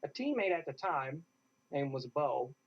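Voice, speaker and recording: A man, a guest in an interview, telling a lively story and acting out what others said. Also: fairly high pitch, a little slow, husky. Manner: animated, acts out what others said. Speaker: interview guest, airsoft player. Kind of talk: casual storytelling. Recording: dull lo-fi sound.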